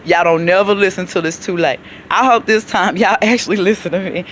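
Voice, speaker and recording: A woman's voice: medium pitch, steady tone, brisk, a little hiss or hum. A woman, vlogging an emphatic, preachy rant while out on a walk, calling her listeners child and baby. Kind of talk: outdoor rant to camera. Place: outdoors on a city walk.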